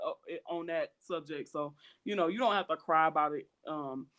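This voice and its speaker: A woman's voice: deep voice, moderate pace, a bit bright. Woman co-host of a chat podcast; earnest, emphatic, hammers her points home by repeating them. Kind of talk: candid casual podcast chat.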